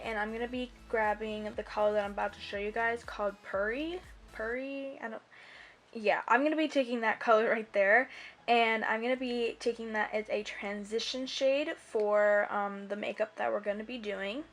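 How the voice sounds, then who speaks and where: A woman's voice: on the high side, steady tone, moderate pace, soft background music. A young woman narrating a casual makeup tutorial as a voiceover, chatty and rambling with many ums and likes. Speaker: beauty vlogger. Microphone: voiceover mic.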